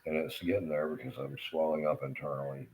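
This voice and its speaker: A man's voice: very deep voice, fairly even intonation, quick pace, muffled recording, a little hiss or hum. A middle-aged man in pain, ranting angrily and profanely in a rambling monologue.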